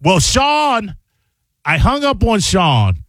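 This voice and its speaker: A man hosting a radio show in a dry studio sound, his voice sitting a bit high and swinging widely in pitch. He bursts into laughter often and talks loudly over his co-hosts. His delivery is playful and animated. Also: slow pace, no echo. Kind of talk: morning radio banter.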